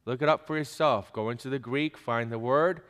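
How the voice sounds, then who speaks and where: A man's voice: medium pitch, moderate pace, fairly bright tone. A male preacher giving an emphatic sermon, pressing his listeners with pointed questions. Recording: long hall reverb.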